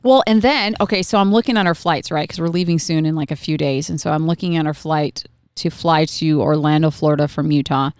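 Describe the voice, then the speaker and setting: A woman's voice: low-pitched, fairly quick, hardly any pauses, smooth, no echo, clean studio sound. A woman in her thirties, a podcast co-host telling stories in casual chat and acting out her kids' voices. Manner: animated storyteller, acts out her kids' voices.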